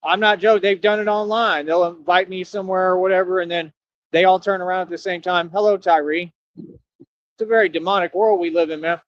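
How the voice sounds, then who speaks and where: A man's voice: high voice, steady tone, fairly quick, fairly bright tone, no room sound. A young man streaming, ranting in an emphatic, combative, slangy way. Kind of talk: livestream rant. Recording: dull lo-fi audio.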